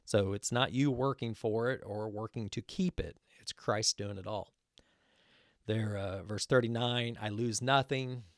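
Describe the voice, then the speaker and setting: A man's voice: fairly low pitch, a little slow, dry recording, studio quality. A man giving an earnest Bible teaching talk, explaining verses with frequent fillers.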